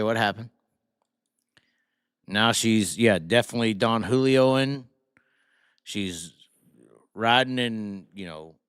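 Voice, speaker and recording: A man's voice: medium pitch, fairly bright tone, smooth, no room sound, clean studio sound. A man hosting a casual live stream, rambling and incredulous, talking to viewers with many restarts. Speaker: livestream host.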